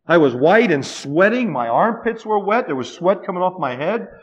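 High-voiced fervent male preacher. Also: big pitch swings, normal speed, slightly rough. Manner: fervent, repetitive, often dropping to a near hush. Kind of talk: sermon. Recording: dull lo-fi sermon recording.

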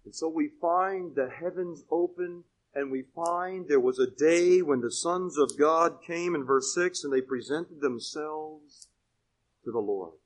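Guy preaching a sermon, pretty high voice, goes quiet then loud, chatty stories, asks the crowd stuff. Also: a little slow, low-quality recording. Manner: animated, swinging between hushed asides and loud emphatic points; conversational storytelling with direct questions to the congregation. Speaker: pastor. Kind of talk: expository sermon.

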